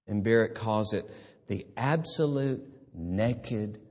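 A man preaching a sermon, swinging between hushed, quiet passages and loud, emphatic ones. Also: medium pitch, expressive, slow pace, long reverb tail.

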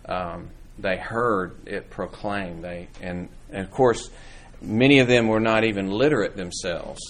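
A man's voice: low-pitched, measured pace. A man teaching an informal church Bible class in a conversational, rambling way, with many restarts and fillers.

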